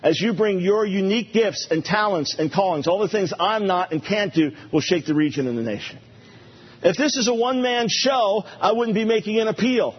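A man preaching a sermon as a pastor, animated and playful, repeating phrases for emphasis. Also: sits high, moderate pace, breathy edge. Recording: dull lo-fi recording.

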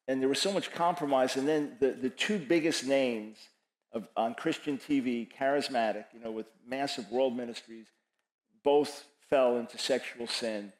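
A man preaches and answers questions from the floor, leaning hard on repeated phrases and quoted scripture. His voice is of middling pitch for a man. The sound rings with the echo of a large room. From New York. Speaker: speaker answering audience questions.

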